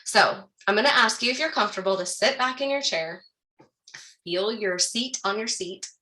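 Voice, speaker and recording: With a bright, forward tone and medium pitch, a woman coach rallies her online workshop audience, addressing them directly in an upbeat, encouraging way. She then settles into soft, calm guidance for a breathing exercise.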